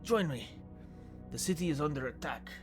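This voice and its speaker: A man voicing a calm male tavern owner in a tabletop game. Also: medium pitch, normal speed, music in the background, close to an everyday voice. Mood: hospitable. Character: male tavern owner standing firm in his home.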